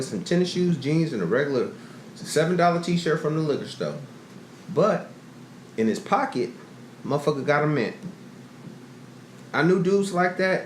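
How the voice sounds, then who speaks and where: A middle-aged man co-hosting a podcast, telling profane stories in casual chat and acting out quotes. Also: mid-range voice. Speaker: podcast co-host. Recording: roomy echo, faint noise.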